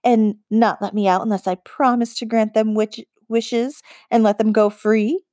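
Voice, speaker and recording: In an audiobook, a woman voices a wry, unhurried shapeshifting witch who rules the forest, teasing and chilling in equal measure. Her natural, warm voice is a little high and steady, recorded dry and close with no echo or room around it.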